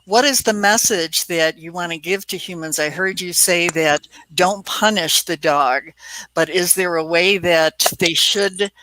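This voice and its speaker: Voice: medium pitch, unhurried, bright, forceful tone, low-quality recording. A host asking a guest questions over a video call, with frequent encouraging agreement. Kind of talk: interview questions.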